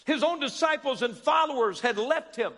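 A man preaching a sermon, calling out to the congregation and rising to shouts. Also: very high-pitched, expressive, normal speed, big-room sound.

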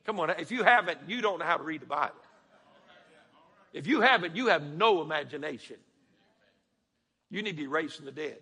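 A man's voice: a little high, animated, normal speed, pauses often, husky, big-room sound. A man preaching a sermon in a church, firing off rising questions and dropping to near-whispers. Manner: preaches with dramatic rising questions and sudden soft drops.

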